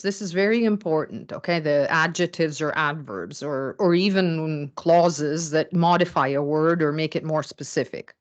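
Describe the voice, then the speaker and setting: This is a middle-aged woman, giving a lecture on scientific writing. Her voice sits a little low. She explains patiently and keeps pausing to ask "okay?". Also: dull audio. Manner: explanatory, often checks in with "okay?". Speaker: writing instructor. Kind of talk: recorded classroom lecture.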